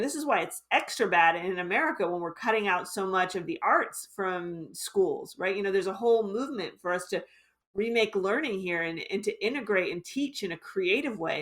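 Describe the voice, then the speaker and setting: A woman's voice: mid-range voice, fairly bright tone. A woman author as interview guest, earnest and explanatory, thinking aloud as she talks. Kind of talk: casual interview chat.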